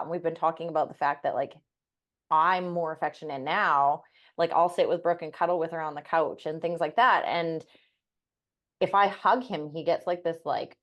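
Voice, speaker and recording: A middle-aged woman with a fairly low voice tells a personal story on a podcast. She talks casually and candidly, swears without hesitation and leans on "like" as she goes. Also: dull audio. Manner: candid, swears freely, frequent "like" fillers. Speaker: podcast co-host.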